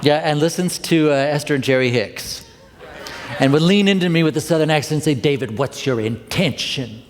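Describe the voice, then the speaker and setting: A man's voice: fairly high pitch, a little fast, a crowd in the background. A middle-aged male minister giving a conversational, confessional Sunday talk with playful asides to the congregation. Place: church sanctuary. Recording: long hall reverb.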